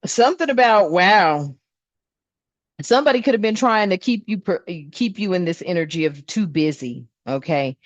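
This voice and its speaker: A woman doing a spiritual reading in a casual vlog, talking bluntly with lots of swearing and lively storytelling. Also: lowish voice, moderate pace, no echo. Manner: blunt, profane, animated storytelling. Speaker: spiritual reader. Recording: dull, dry sound.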